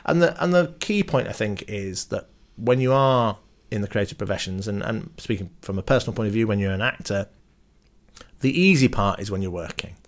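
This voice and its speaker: A man's voice: lowish voice, animated, a little fast. A man, an actor and podcast guest, chatting casually and telling stories with self-deprecating jokes.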